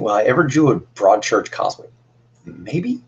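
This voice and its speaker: A man's voice: on the low side, sing-song, unhurried, slightly rough, highs cut off. A young man hosting a casual cosplay livestream, chatting in a rambling, friendly way with lots of fillers and restarts.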